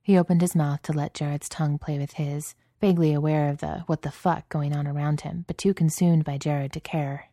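Low-voiced woman reading a story. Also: fairly even intonation, fairly quick, few pauses, dark tone, dry recording, clean studio sound. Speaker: audiobook reader. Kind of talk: reading fiction aloud.

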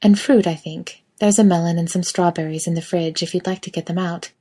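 A woman voicing a self-assured, gently teasing woman who is in charge, speaking in a calm, lightly commanding way. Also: lowish voice, brisk, husky.

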